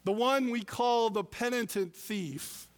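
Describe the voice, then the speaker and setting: A man preaching a sermon as pastor, deliberate with emphatic pauses. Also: very high voice, long reverb tail.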